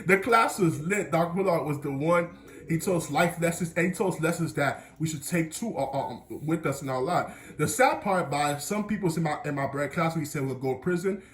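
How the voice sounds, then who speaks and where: Animated young man telling a story. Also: fairly high pitch, brisk. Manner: animated and slangy, laughs often. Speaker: vlogger. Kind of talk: casual storytelling. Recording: echoey room.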